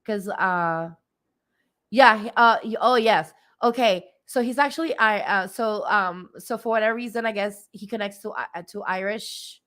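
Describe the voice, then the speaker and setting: A woman's voice: medium pitch, moderate pace, a bit bright. Chatty, giggly woman livestream host. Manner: chatty and giggly, with many fillers. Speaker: livestream host and spiritual reader. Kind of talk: casual livestream chat.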